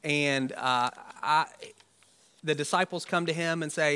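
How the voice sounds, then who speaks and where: Bright-voiced man preaching conversationally. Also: a little high, moderate pace, clear, resonant tone. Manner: conversational, musing, with rhetorical asides. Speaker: pastor. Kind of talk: Easter sermon.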